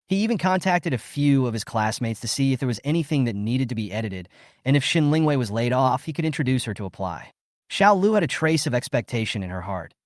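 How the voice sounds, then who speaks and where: A man's voice: mid-range voice, no echo, clean studio sound. Man narrating a story recap.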